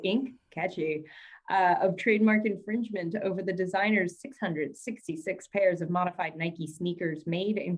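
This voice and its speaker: A woman co-hosting a casual show, reading news aloud with dry, teasing asides. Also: lowish voice. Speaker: podcast co-host.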